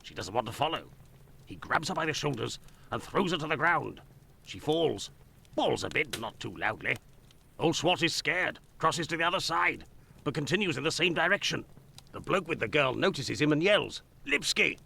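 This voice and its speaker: A man's voice: on the high side, animated, normal speed, gravelly, bright, forceful tone, a little hiss or hum, full character voice. An actor playing a boastful, chatty newspaperman who tells stories in slangy speech in a video game. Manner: brash, storytelling, slangy. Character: cocky London male newspaperman, boastful and chatty.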